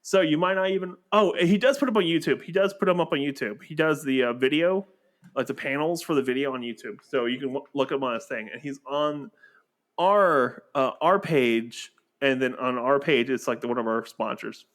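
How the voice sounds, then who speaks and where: A man's voice: mid-range voice, moderate pace, fairly bright tone. A man with a Texan accent, co-hosting a podcast, chatting casually with lots of restarts and fillers. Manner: rambling, many restarts and fillers. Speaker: podcast co-host. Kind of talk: casual chat.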